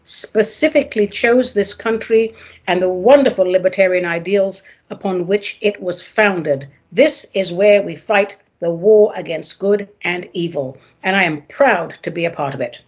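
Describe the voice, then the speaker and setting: A woman hosting her own radio show, talking in a playful, dramatic way with sing-song emphasis and a husky voice; she moved to America from elsewhere. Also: lowish voice, unhurried. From not from America, moved there. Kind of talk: theatrical solo radio talk.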